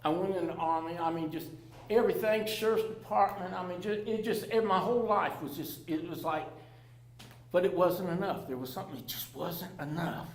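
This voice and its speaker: Man, 60s, high voice, earnest storyteller with frequent laughs, echoey meeting room. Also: moderate pace. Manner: laughs often, repeats words, plainspoken and earnest. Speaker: panel speaker in recovery. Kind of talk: personal storytelling to a live audience. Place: public library meeting room. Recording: echoey room with faint hum.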